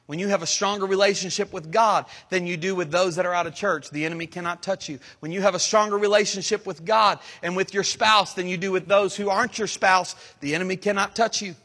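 A man pastor preaching a sermon, rising into emphatic, dramatic lines and pausing between phrases. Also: high voice, fairly even intonation, sharp tone. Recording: long hall reverb.

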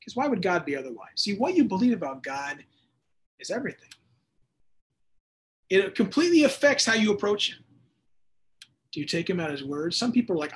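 A man teaching the Bible on a call-in show, moving between relaxed chat and fervent emphasis. His voice sits a touch high for a man. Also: fairly quick, slight background noise. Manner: conversational, with bursts of emphatic preaching. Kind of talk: radio Bible teaching with listener texts.

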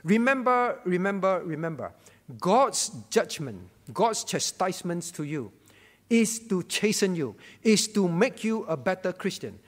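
A man's voice: high voice, very animated, measured pace, in a large hall. A man preaching a sermon as pastor, emphatic, repeating his key phrases and putting questions to the congregation. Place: church.

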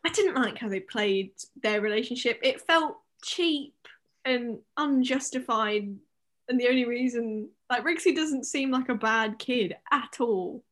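A woman's voice: on the high side, a bit bright. A young woman, co-hosting a casual podcast chat, chatty and giggly. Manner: chatty, giggly, recaps plot quickly. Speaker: podcast co-host.

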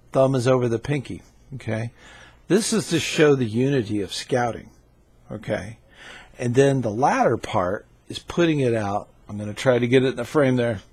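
A man's voice: mid-range voice, a little mellow, husky, dry recording. A man who leads in scouting, giving an instructional video talk in a conversational way and often checking in with the viewer. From United States. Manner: conversational, keeps checking in with "okay?". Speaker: scouting leader and channel host.

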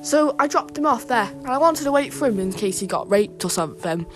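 A woman's voice: a little high, lively intonation, fairly quick, soft background music, close to an everyday voice. A woman voicing a gossiping, crude old grandmother, telling rambling comic stories full of swearing. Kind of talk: comic storytelling monologue.

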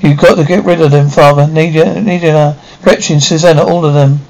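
Defiant young daughter, sharp and scornful, old 50s tv drama style. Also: female voice, deep voice, steady tone, fairly quick, poor audio. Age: young adult. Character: defiant grown daughter, restless and rebellious. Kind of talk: 1950s TV drama acting.

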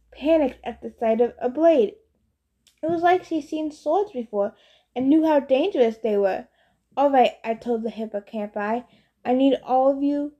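A woman with a slightly high voice reads a novel in first person. Her telling is casual and expressive, like a teenager's. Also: muffled recording. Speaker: audiobook narrator.

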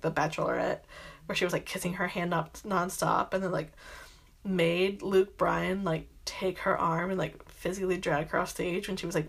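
A woman's voice: mid-range voice, gravelly. A young adult woman hosting a podcast, rambling through exasperated gossip commentary with constant filler words and frequent swearing. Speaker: podcast host.

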